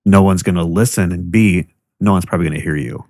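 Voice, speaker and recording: A man co-hosting a podcast in casual chat, talking in a thoughtful, measured way. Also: low voice, darkish tone, no echo, clean studio sound. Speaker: podcast co-host.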